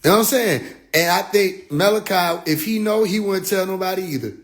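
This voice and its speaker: On a phone livestream, a male host with a high-pitched voice goes on a casual, brisk rant packed with profanity and animated energy. Every so often he drops into low, mocking impressions of other people.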